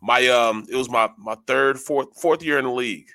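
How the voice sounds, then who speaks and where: A man who played pro football, a co-host telling a story in a slangy, animated way. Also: medium pitch, normal speed, dry recording. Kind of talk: casual sports radio storytelling.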